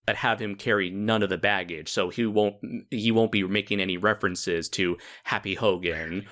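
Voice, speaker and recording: A man's voice: fairly low pitch, steady tone, normal speed, fairly bright tone. A man in casual podcast film talk, easygoing and hesitant, with lots of fillers and frequent laughter.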